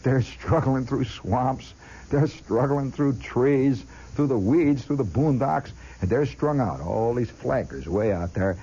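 A man's voice: medium pitch, animated, slow, mellow, breathy edge, poor audio. A man telling a long personal story as a chatty monologue, talking straight to the listener and mimicking sounds along the way. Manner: chatty, addresses the listener directly; imitates sounds with his voice.

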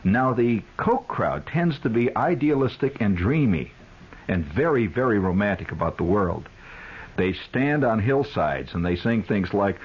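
A husky, low-voiced man riffs through a comic radio monologue with a lot of pitch movement. He keeps stopping for "uh" and restarting his sentences, and his tone stays dry and sardonic throughout. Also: expressive, moderate pace, a little mellow, rough recording. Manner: wry and sardonic, full of "uh" fillers and restarts.

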